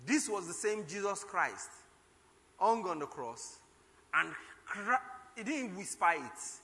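A male preacher delivers a sermon, reading scripture with dramatic force and crying out the quoted lines. His voice sits high and sounds bright and forceful. A long reverb trails behind him, as in a large hall. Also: big pitch swings, slow.

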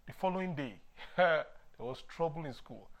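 A lively male preacher weaves childhood stories into his sermon. His voice swings widely in pitch, and he breaks into chuckles and sudden shouts of emphasis as he speaks. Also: normal speed. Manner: animated, laughs often, shouts for emphasis. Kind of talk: sermon with personal storytelling.

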